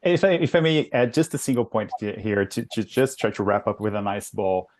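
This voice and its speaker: A man on a panel, energetic and fluent, hedging his lines with "kind of" and "really". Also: fairly low pitch, a little fast. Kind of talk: panel discussion.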